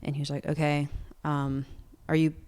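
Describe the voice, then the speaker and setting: A young woman, a singer-songwriter, speaks openly and earnestly in an interview, saying "like" constantly. Her voice is low and a little mellow, with a clean tone, a level delivery, and a moderate pace.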